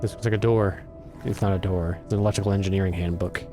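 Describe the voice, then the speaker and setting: A man's voice: sits low, fairly even intonation, quick pace, over music. A man hosting a casual let's play, chatting and reading the game's text aloud. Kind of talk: casual gameplay commentary.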